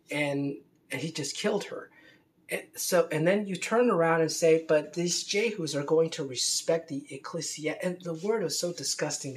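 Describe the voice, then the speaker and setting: A man talking in a rambling, unscripted monologue, with many restarts and fillers and a scornful edge. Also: a little high. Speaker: commentator on religion.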